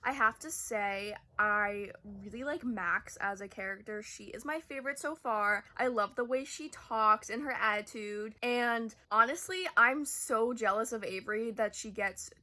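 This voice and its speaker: A woman's voice: on the high side, measured pace, hardly any pauses, sharp tone. A woman talking casually from her bed in a book vlog, chatty and gushing with lots of fillers. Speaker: book vlogger. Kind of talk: casual reading vlog chat. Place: bedroom, in bed.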